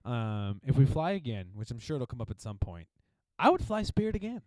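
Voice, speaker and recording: Animated young comedian, dry close sound. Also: male voice, medium pitch, brisk, no room sound. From Missouri. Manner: animated storytelling with mocking impressions. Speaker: comedian podcast co-host. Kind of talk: casual comedic chat.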